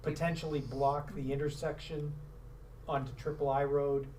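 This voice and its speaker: A man's voice: a little high, little pitch movement, moderate pace, a little mellow. A man at a town board meeting, cautiously explaining practical concerns. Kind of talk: municipal board meeting discussion. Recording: distant mic, faint room hum.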